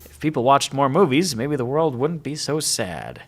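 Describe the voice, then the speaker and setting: A man's voice: mid-range voice, big pitch swings, normal speed. A man casually reading and musing aloud during a game livestream. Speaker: streamer.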